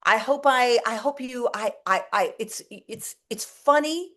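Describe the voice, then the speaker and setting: Lively, profane American storyteller woman. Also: fairly high pitch, measured pace. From United States. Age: middle-aged. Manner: animated, profane, lots of restarts. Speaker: interview guest, comedic performer. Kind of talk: casual storytelling interview.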